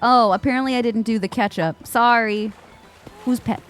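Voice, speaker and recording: During a live game stream, a young woman on Twitch talks to the characters and greets viewers. Her fairly high, fairly bright voice keeps a fairly even intonation at a moderate pace, over soft background music.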